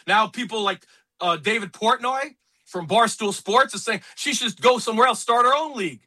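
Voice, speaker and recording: A man hosting a talk radio show, speaking in an emphatic, opinionated way about sports and politics. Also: sits high. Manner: animated, emphatic, quick asides. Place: radio studio.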